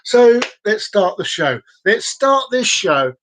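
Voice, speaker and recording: A man's voice: high-pitched, very animated, takes it slowly, a bit bright. A man hosting a casual live stream, rambling and telling groan-worthy jokes to viewers by name. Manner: chats directly to viewers by name.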